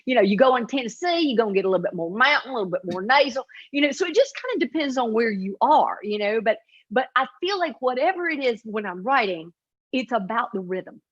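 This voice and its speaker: A woman's voice: a little high, expressive, fast, slightly rough. Nasal upstate Carolina woman, dull audio. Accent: upstate South Carolina Appalachian. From upstate South Carolina. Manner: chatty, many fillers and restarts. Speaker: author and comedy creator. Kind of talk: interview answers.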